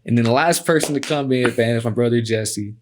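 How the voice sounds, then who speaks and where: Brief: relaxed male guest, mid-pitched voice, loose storytelling full of "man" and casual swearing. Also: a little fast, background noise. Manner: laid-back, peppers speech with "man" and cussing. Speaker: guest, MMA fighter.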